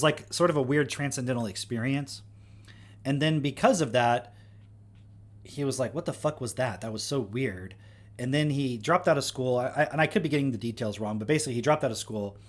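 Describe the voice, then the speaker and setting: A young man hosting a livestream, talking in a casual, rambling way with lots of fillers and self-corrections. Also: mid-range voice. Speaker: livestream host.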